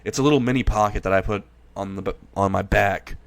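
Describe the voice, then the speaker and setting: A man voicing a cranky male park manager who scolds and shouts at his workers. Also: fairly low pitch, fast, creaky, no room sound, voice pushed down. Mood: flustered.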